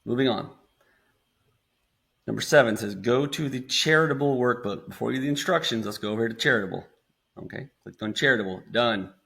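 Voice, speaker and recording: Gravelly low-voiced man teaching a tutorial. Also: fairly quick, long pauses, bright, forceful tone. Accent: American. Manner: casual, talks students through each step. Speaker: instructor. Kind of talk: screen-recorded software tutorial.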